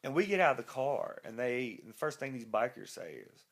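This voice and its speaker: A man's voice: medium pitch, very animated, a little fast, few pauses. A man, a rock musician being interviewed, telling a rambling, profane anecdote full of restarts. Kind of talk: casual storytelling interview.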